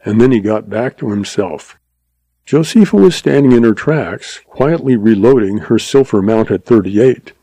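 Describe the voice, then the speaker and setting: A man narrating a story with measured, expressive delivery. His voice is mellow and unhurried. The recording is close and dry, with no room sound. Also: on the low side, no room sound, rough recording.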